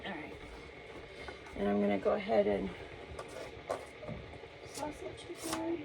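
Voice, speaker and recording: A woman's voice: medium pitch, level tone, normal speed, creaky. A woman casually talking viewers through a home cooking demo in her kitchen, chatty and a little out of breath. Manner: chatty, self-narrating, talks to viewers as guys. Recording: noisy home kitchen recording.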